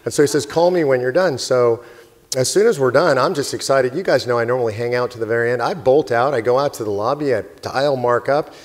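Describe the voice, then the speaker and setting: A man and organization president telling an animated story in a speech to a live audience, laughing often as he goes. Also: medium pitch, fast talker. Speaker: convention speaker and organization president. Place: conference hall stage. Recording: long hall reverb with faint crowd.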